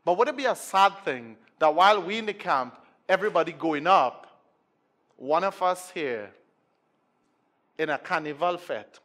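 A Trinidadian man preaching with a high, bright, ringing voice. He drops to near-whispers, then bursts into shouts, and mixes Scripture with jokes to the congregation. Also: moderate pace, pauses often. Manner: energetic, swings from hushed to shouting, joking with the crowd. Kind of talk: sermon.

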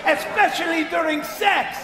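A man voicing a rude male insult comic dog puppet, firing off shouted insults at a crowded outdoor food stand. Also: very high voice, fairly even intonation, very noisy. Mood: mocking. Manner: rapid-fire shouted insults. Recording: roomy street recording with loud crowd.

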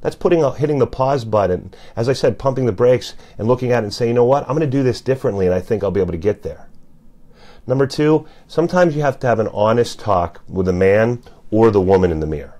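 A man's voice: mid-range voice, lively intonation, fast, warm tone. A man giving a casual motivational talk to camera, conversational and full of "you know" and "uh" fillers. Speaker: motivational speaker.

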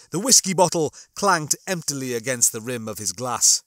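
A man reading a comic sci-fi novel aloud and chatting between chapters in an animated way. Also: mid-range voice, normal speed, no room sound, clean studio sound. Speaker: audiobook reader.

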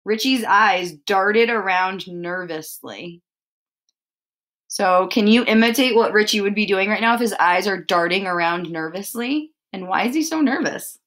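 Woman, teacher, storybook read-aloud, expressive, asks the children questions. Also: medium pitch. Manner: expressive, pauses to ask listeners questions. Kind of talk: reading a picture book aloud to children.

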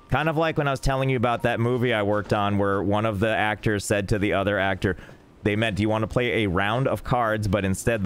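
A young man casually streaming a game, rambling and joking in deadpan asides. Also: fairly low pitch. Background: faint game music.

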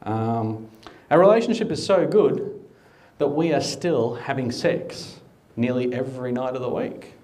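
A man's voice: mid-range voice, a little slow, darkish tone. A middle-aged Australian man doing stand-up comedy, telling dry, conversational anecdotes with comic timing. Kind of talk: stand-up storytelling.

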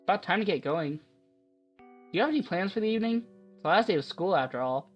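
A man's voice: high-pitched, animated, fast talker, muffled recording, faint music behind. A man voicing a teasing teenage little sister in a casual, plainly read style. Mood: offhand.

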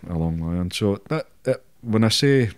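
A man's voice: fairly low pitch, expressive, normal speed, darkish tone. A middle-aged Scottish man telling stories in a casual interview, swearing often and laughing through his anecdotes. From Scotland. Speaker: podcast guest.

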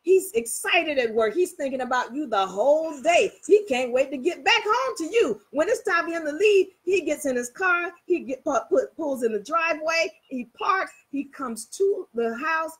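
A woman teaching in a casual, animated way, telling everyday stories and checking that listeners follow. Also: high voice, moderate pace, few pauses, poor audio. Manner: animated, storytelling, coaxing listeners. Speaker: spiritual teacher. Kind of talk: casual motivational talk.

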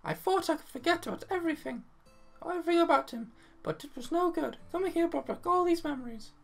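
A man voicing a timid, heartbroken young woman in a high, soft, meek and apologetic voice. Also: quick pace, vocal fry, soft background music. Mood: sad.

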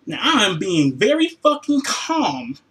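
A fed-up man rants in his room, his voice sitting high and bright. He sighs heavily, drops into weary mutters, then bursts into profane shouts. It is a raw, unscripted fan vlog. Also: huge pitch swings, unhurried, low-quality recording. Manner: profane, exasperated, sighing, swings between mutters and shouts. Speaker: vlogger reacting to a football loss. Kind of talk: angry fan rant.

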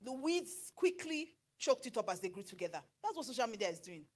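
Animated high-voiced Nigerian woman preaching. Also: a little fast. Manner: animated, switching into pidgin and acted asides. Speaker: pastor and marriage counselor. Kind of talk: sermon.

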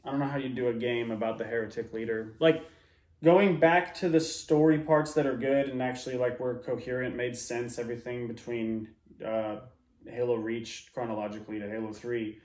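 A man's voice: medium pitch, fairly even intonation, normal speed, a little mellow, reverberant. A man hosting a reaction video, talking casually in a rambling, sarcastic way with plenty of swearing.

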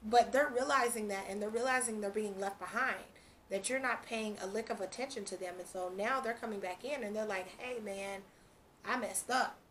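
A woman's voice: mid-range voice, brisk, a bit bright, slight background noise. A woman doing a casual tarot reading, chatty, breaking into frequent laughs. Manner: chatty, laughs often, quotes imagined speech. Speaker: tarot reader.

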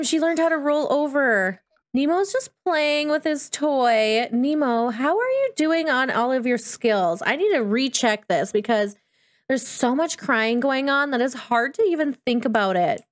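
A woman giving chatty, excitable Let's Play commentary over a life-simulation game, breaking into squeals at small wins. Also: high voice, unhurried. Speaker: gaming YouTuber.

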